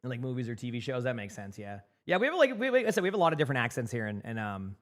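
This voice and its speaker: A young man from Massachusetts with a light Boston accent chats casually on a live stream, reading chat aloud and rambling with plenty of repeated words. His voice sits at medium pitch but swoops wildly, and he talks at a racing speed.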